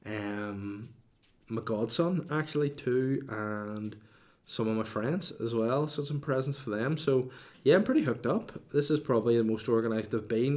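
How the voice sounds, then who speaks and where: A man hosts a relaxed solo podcast in a mid-range voice. He talks in a chatty, cheeky way, rambling through asides and reading out listener questions. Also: medium pitch. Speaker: podcast host. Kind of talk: casual solo podcast chat.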